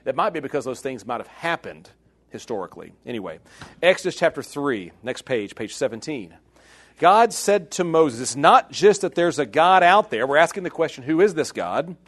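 A male pastor leads a Bible lesson with a slightly high-pitched voice. He is animated and jokey, jumping from loud, emphatic bursts to hushed asides. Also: normal speed. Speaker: pastor teaching a Bible class. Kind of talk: sermon-style Bible teaching.

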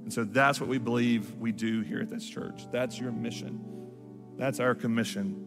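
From the stage of a large church hall, a pastor preaches a sermon, telling a story and acting out the voices of its characters. His mid-range voice is fairly even in intonation and moderate in pace, and the recording carries hall reverb along with music.

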